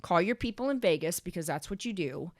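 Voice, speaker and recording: Animated woman telling a story. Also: on the low side, dry recording, clean studio sound. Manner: animated, swearing, rapid bursts when excited. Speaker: podcast co-host. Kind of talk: casual storytelling chat.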